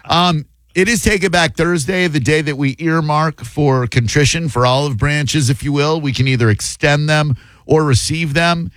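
In a radio studio, a man with a somewhat high, fairly bright voice speaks at normal speed into a studio microphone with no room sound. He banters sarcastically with his co-host and reads promos jokingly, drifting off on playful, rambling tangents.

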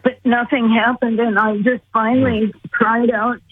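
A woman's voice: on the high side, level tone, a little slow, slight background noise. A woman earnestly retelling a personal story as a guest, calling in by phone. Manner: earnest, vivid retelling with quoted voices. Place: phone call. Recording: tinny phone line.

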